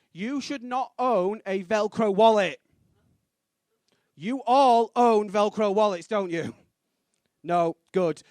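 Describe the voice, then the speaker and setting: Young stand-up, high bouncy voice, dry close mic, punchy delivery. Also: male voice, a little mellow, dry recording. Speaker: stand-up comedian. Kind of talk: stand-up set. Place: comedy club stage.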